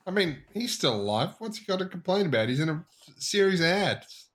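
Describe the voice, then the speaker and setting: A man's voice: high voice, sing-song, brisk, a bit bright. A man hosting a casual podcast, blunt and joking, with frequent swearing. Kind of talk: casual chat.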